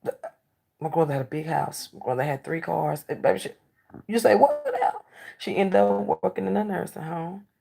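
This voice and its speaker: In a low, creaky voice and at a slightly quick clip, a woman talk show host tells stories in casual conversation. She's candid and direct, veering between excited outbursts and soft asides.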